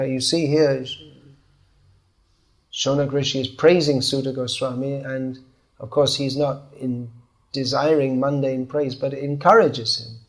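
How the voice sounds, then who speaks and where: A man giving a scripture class in a conversational way, often acting out the replies of the people he describes. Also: medium pitch. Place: class in Bangalore.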